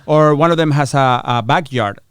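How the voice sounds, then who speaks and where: A man's voice: medium pitch, normal speed, clear, resonant tone, no room sound, studio quality. Blunt, swearing man telling anecdotes. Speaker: podcast guest, former prisoner. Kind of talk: casual chat.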